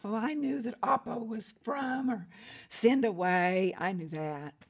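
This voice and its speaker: A woman's voice: on the high side, measured pace, gravelly, slightly rough. A woman in a small home group, answering the teacher's questions.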